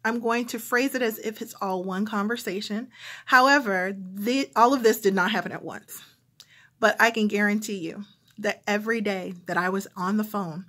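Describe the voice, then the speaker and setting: A woman's voice: mid-range voice, steady tone, moderate pace, bright, forceful tone. Thoughtful woman with General American accent. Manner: reflective, thoughtful, frequent ums. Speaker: vlogger. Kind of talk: casual talk to camera.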